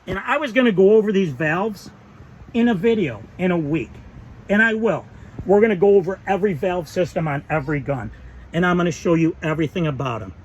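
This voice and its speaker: A man's voice: high voice, a little hiss or hum, rough recording. A man hosting an airgun channel, angrily ranting to camera about a product flaw, aggravated and emphatic, speaking as a father. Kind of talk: heated product rant to camera.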